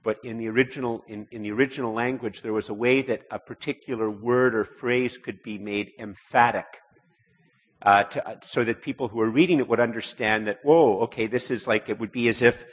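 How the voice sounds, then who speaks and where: A man's voice: medium pitch, fairly even intonation, brisk, husky. A man preaching a sermon in a conversational way, often repeating words and rising to emphatic stretches. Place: church. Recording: long hall reverb.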